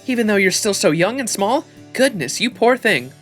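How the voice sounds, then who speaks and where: A kindly, fussing village woman, read aloud by a male streamer. She talks in a sympathetic, fretting way, with a slightly raised pitch. Faint music plays behind. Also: animated, normal speed, a bit bright.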